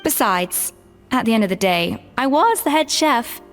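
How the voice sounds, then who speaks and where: A woman's voice: fairly high pitch, lively intonation, moderate pace, long reverb tail, faint music behind. An actress playing a proud, composed female former head chef who speaks with cool, cutting poise.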